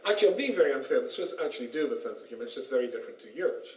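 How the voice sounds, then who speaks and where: A man's voice: medium pitch, rapid-fire. A man, a rabbi, giving a humorous lecture and telling jokes and stories as he goes. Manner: joking storyteller, lively, laughs often. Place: small synagogue lecture room. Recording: roomy, distant, faint background noise.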